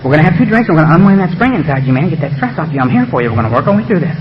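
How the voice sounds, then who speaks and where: A man voicing his addiction as a sly, coaxing male beast that speaks in a low, hushed, falsely loving voice. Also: expressive, fast talker, lo-fi sound. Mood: wheedling. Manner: soothing, persuasive, falsely affectionate.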